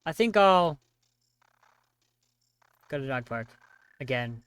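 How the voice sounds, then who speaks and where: An animated gamer with a clear, resonant, fairly bright mid-range voice speaks slowly, with no room sound, while narrating a text horror game. They read its lines aloud, skim with a sarcastic "blah, blah," and react in mock outrage after reading the choices.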